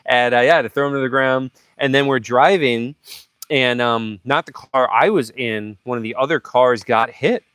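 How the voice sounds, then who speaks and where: A man hosting a livestream, telling a story casually and acting out sound effects and shouted lines. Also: mid-range voice, moderate pace, clear, resonant tone, dry recording, studio quality. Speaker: livestream host.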